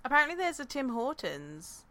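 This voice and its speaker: A woman's voice: high-pitched, sing-song, normal speed, pushed and bright, a little hiss or hum. A young woman co-hosting a podcast, chatting casually with teasing dry asides. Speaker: podcast co-host. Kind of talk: casual chat.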